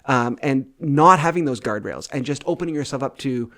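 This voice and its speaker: A man's voice: medium pitch, animated, moderate pace, a bit bright. Conversational man co-hosting a podcast. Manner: conversational, agreeing interjections. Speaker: podcast co-host. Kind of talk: casual podcast discussion.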